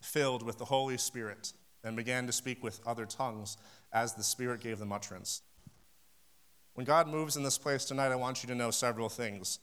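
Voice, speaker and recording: A man's voice: mid-range voice, brisk, fairly bright tone, clean tone. A man preaching a sermon, fervent and building to emphatic peaks as he tells stories of ministry. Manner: storytelling, acting out phone conversations. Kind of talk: sermon with personal story.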